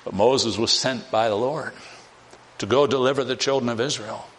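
A man's voice: medium pitch, steady tone, moderate pace. A man preaching a sermon on scripture. He repeats key phrases with emphasis and acts out the scenes he describes. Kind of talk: expository sermon.

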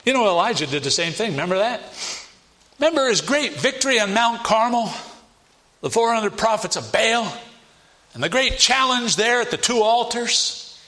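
Bright, emphatic male preacher. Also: high-pitched, animated, moderate pace. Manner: emphatic, with rhetorical questions and chuckles. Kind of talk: sermon.

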